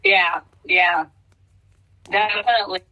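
A middle-aged woman, a hairstylist guest in a casual interview, talking in halting bursts with many restarts and lively quoted reactions. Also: fairly low pitch, narrow, tinny audio.

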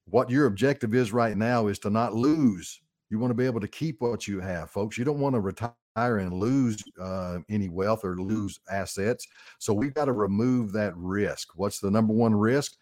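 A man's voice: fairly low pitch, moderate pace, a little mellow, dry recording, studio quality. A middle-aged man with an Arkansas Southern accent, hosting a radio financial talk show in a folksy, upbeat way.

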